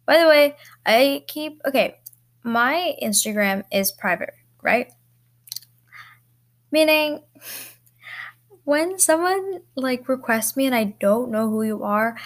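A young woman hosting a podcast on her own, talking casually and rambling with lots of likes and ums, often teasing herself. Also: on the high side. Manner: self-mocking. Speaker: podcast host. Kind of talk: casual solo chat.

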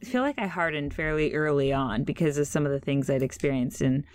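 A woman's voice: low-pitched, a little fast, darkish tone. A woman in her thirties hosting a podcast, telling a long story in a chatty way with fillers and restarts. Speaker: podcast host. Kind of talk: casual podcast interview.

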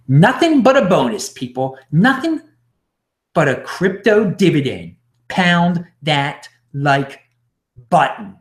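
A man rants on his livestream with a sarcastic, combative edge. His pitch swings widely as he needles his critics, and his voice rings around a roomy, echoey space. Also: big pitch swings, a little slow. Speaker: livestream host. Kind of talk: ranting livestream commentary. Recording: roomy echo.

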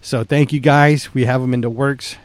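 A man's voice: medium pitch, fairly even intonation, normal speed, no room sound. A man co-hosting a podcast in casual chat, rambling and laughing often. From San Antonio, Texas. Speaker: podcast co-host.

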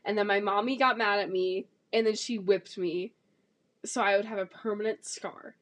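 A woman's voice: mid-range voice, fairly even intonation, moderate pace. A young woman co-hosting a podcast, sarcastically retelling a book with lots of giggling. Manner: sarcastic, giggly, acts out characters in quotes. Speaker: podcast co-host. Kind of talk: casual chat, retelling a book.

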